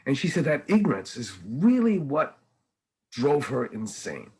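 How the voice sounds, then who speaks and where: Gravelly older man telling rambling stories. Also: medium pitch, a little slow. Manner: rambling, animated storytelling with many restarts. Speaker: painter and guest. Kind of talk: casual conversation.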